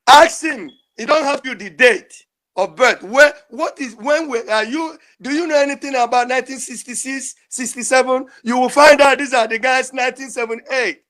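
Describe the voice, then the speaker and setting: An older man calls in to a show and gives an impassioned speech, emotional, pleading and repetitive. His voice is extremely high in pitch with a fairly bright tone.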